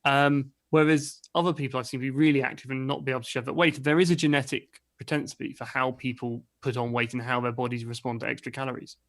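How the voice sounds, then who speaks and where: A man's voice: medium pitch, fairly even intonation, fast talker, few pauses, fairly bright tone. A middle-aged man co-hosting a casual chat stream from home, talking in a thoughtful, reasoned way with many fillers. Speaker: co-host of a livestream chat show.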